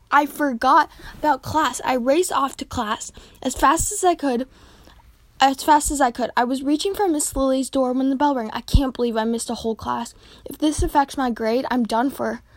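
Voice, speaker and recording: Woman, high voice, halting read-aloud of a homemade story, dry close recording. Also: dry recording. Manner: halting reading with frequent slips and restarts. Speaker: reader.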